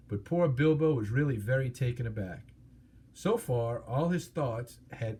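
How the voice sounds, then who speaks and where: Husky guy reading a fantasy audiobook, steady and expressive. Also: mid-range voice. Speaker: narrator. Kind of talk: audiobook narration.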